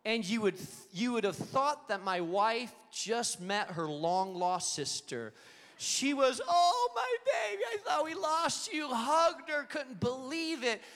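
A man preaching a sermon to an auditorium, telling a story and acting out the quoted lines with lively energy. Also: high-pitched. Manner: storytelling, animated, acts out quotes. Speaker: pastor. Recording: long reverb of a hall.

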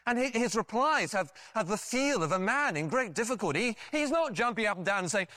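Animated, bright-voiced male preacher. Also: high voice, fairly quick, hardly any pauses, dry recording, clean studio sound. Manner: animated storytelling with frequent restarts and "you know". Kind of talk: sermon.

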